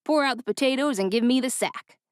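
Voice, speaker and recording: A woman voicing a calm male cart driver in an audiobook, steady and dry. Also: sits high, brisk, clear, resonant tone, no room sound, pitched above the performer's own voice, natural voice.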